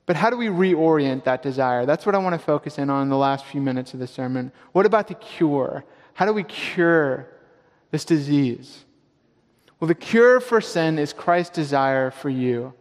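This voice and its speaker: A man preaching a sermon with emphatic delivery, repeating his key lines slowly for weight. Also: a little high, lively intonation. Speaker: pastor. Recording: long reverb of a large hall.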